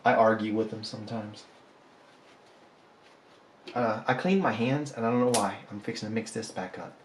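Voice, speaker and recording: A man's voice: fairly low pitch, lively intonation, unhurried, long pauses, noisy background. A man, a polymer clay artist chatting casually and joking about himself while he sculpts. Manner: rambling, joking, self-deprecating. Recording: echoey room, faint ambience.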